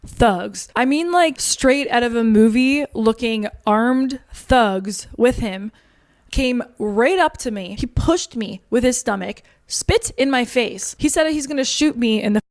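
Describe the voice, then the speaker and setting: A woman's voice: fairly high pitch, lively intonation, unhurried. A woman telling a frightening personal story with an intense, snarky edge. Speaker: guest recounting a story. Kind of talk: candid storytelling.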